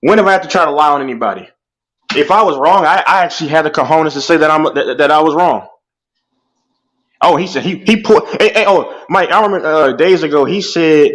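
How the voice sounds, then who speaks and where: A young man on a casual sports talk stream, animated and loud, ranting and repeating "bro". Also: fairly high pitch, brisk, rough recording. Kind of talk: heated casual sports chat.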